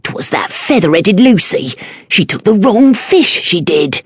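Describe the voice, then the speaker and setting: A woman's voice: medium pitch, very animated, a little slow, breathy edge, no echo. A woman voicing an apologetic, fawning male fishmonger with a Cockney accent, mumbling and eager to please in an audiobook. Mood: sheepish.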